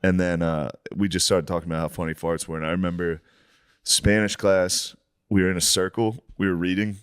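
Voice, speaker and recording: A man co-hosting a podcast in casual chat, telling stories with lively energy and breaking into laughter. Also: low-pitched, brisk, clean tone, dry recording, clean studio sound. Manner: animated storyteller who breaks into laughter. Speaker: podcast co-host.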